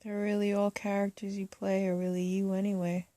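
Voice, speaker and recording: A woman filmmaker speaking in a soft, halting, hesitant way, in confessional documentary talk. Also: medium pitch, flat delivery, no echo. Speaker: first-time filmmaker.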